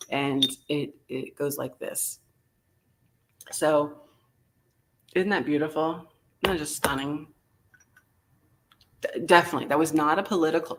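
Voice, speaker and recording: A man's voice: a little high, a bit bright. Man, live vintage sale host, playful, theatrical, joking, bid calling. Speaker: live auction seller.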